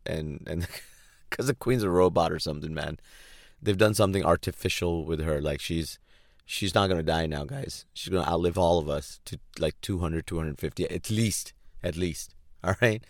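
A man's voice: low voice, no room sound, clean studio sound. A man giving a casual, sarcastic commentary rant, often laughing in disbelief. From third culture kid.

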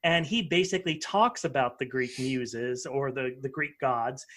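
A man's voice: medium pitch, unhurried, a bit bright. A male author and podcaster chatting casually in an interview, rambling with many fillers and restarts.

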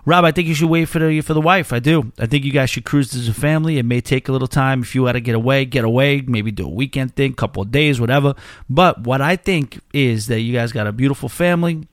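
A male podcast host who talks casually and rambles, often restarting his sentences. His voice sits at a middle pitch, and the recording is dry and close. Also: fast, hardly any pauses, dry recording. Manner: loose and rambling, with many restarts.

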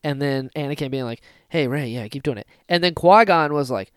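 A man co-hosting a casual fan podcast, talking excitedly and acting out scenes with sudden loud bursts. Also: on the high side, fast talker, few pauses, smooth, no room sound, studio quality. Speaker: podcast co-host.

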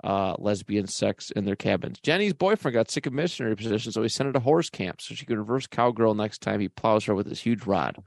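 A man co-hosting a comedy podcast, chatting casually and reading out crude jokes in a deadpan way. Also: fairly low pitch, brisk, gravelly, few pauses, no room sound, studio quality. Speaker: podcast co-host.

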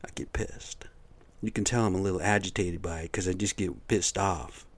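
A man's voice: sits low, fairly even intonation, normal speed, slightly rough. A man talking to listeners in a rambling, profane, agitated monologue. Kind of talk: ranting casual monologue.

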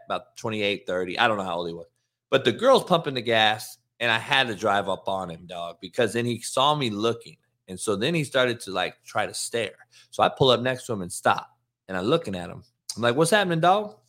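Profane, animated man telling a story. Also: mid-range voice. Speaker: host. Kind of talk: casual storytelling monologue.

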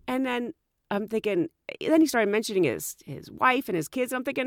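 Brief: chatty flight attendant woman, expressive storyteller, dry recording. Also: on the high side, quick pace, no room sound. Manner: animated, chatty, frequent "you know". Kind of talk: casual storytelling.

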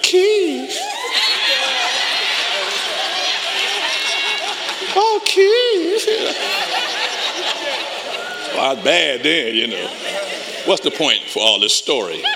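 A man preaching a sermon as pastor, telling stories with lively call-and-response energy. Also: mid-range voice, moderate pace, gravelly, a loud crowd, very noisy. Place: church sanctuary. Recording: long reverb of a church hall.

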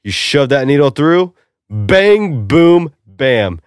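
A man's voice: a little high, sing-song, slow, smooth, no echo, clean studio sound. A man hosting a casual podcast, brash and joking, swearing freely. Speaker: podcast host. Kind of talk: casual crude banter and ad read.

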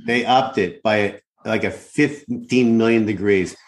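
A man's voice: fairly low pitch, measured pace. A man co-hosting a podcast, reacting with enthusiasm and laughing often. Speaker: podcast co-host, actor. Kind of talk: casual rewatch chat.

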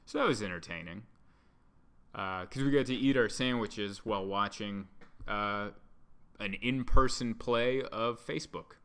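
Rambling deadpan man comic. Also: lowish voice, a little slow, clean tone. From United States. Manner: deadpan, rambling storytelling with restarts. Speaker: stand-up comedian. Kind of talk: stand-up comedy routine.

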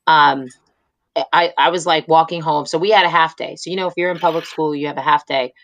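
A woman's voice: sits low, steady tone, a little fast, fairly bright tone, dry recording, lo-fi sound. A woman guest telling a personal story in a reflective, earnest way, with frequent fillers.

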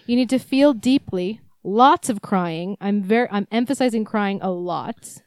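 A woman's voice: medium pitch, normal speed, mellow, no room sound. A young woman co-hosting a podcast, rambling and swearing freely as she tells stories in casual chat. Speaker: podcast co-host.

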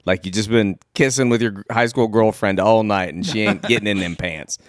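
Lower-voiced joking middle-aged man. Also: moderate pace, no room sound. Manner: jokey, crude humor, laughs often. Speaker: podcast co-host. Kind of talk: casual chat.

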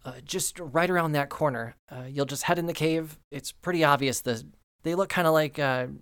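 A man's voice: fairly high pitch, moderate pace, fairly bright tone, clear, resonant tone, no echo, clean studio sound, close to an everyday voice. A man voicing a helpful talking river fish who guides travelers, speaking casually and easily. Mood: wary. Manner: casual, easygoing, folksy advice.

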